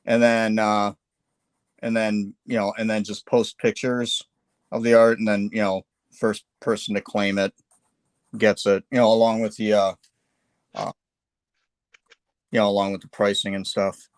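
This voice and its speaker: A man's voice: fairly low pitch, flat delivery, measured pace, long pauses, clean tone, dry recording. A man hosting a live painting stream, chatting casually while he sketches, with lots of fillers and self-deprecating asides.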